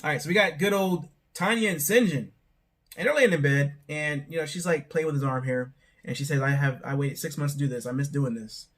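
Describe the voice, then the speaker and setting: A man's voice: on the high side, fairly quick, a bit bright. A young man hosting his channel, giving a rambling, casual recap of a reality show and often hedging with "I don't know". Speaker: show reviewer, channel host.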